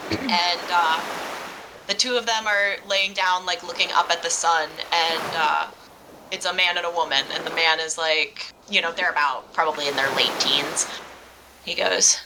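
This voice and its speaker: Woman, game master, lower voice, meandering narration, fillers, noise behind her. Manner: meandering, filler-heavy description.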